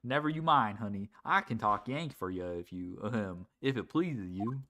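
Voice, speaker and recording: A man's voice: lowish voice, expressive, normal speed, sharp tone, a little hiss or hum, voice pushed down. Man doing a brash Southern drawling gal. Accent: put-on Southern drawl. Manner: folksy, feisty, drawling. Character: brash loud young Southern woman photographer. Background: game music.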